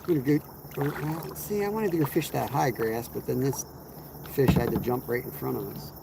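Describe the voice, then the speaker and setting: Over the sound of crickets and insects, a man streams his fishing trip live, wandering casually through conversation and replying to viewers. He speaks at normal speed in a creaky, medium-pitched voice.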